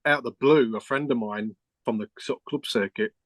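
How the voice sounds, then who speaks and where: A man's voice: mid-range voice, brisk, no echo. A middle-aged man, a keyboard player, telling a rambling story with restarts and quoted dialogue in a casual interview.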